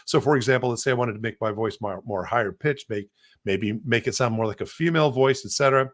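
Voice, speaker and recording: A man's voice: mid-range voice, fast talker. Rambling man hosting a casual podcast. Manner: rambling, frequent restarts and repeated words. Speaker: podcast host.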